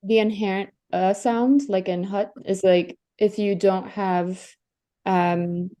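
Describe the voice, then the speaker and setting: A woman's voice: mid-range voice, steady tone, takes it slowly, mellow. A woman participating in a workshop, thinking aloud and checking her understanding as she asks questions.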